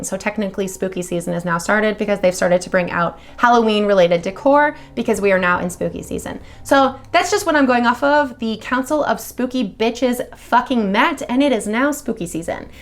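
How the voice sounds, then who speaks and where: A woman hosting a video channel, reading horror stories aloud and then chatting casually with viewers, swearing freely and gushing. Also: medium pitch.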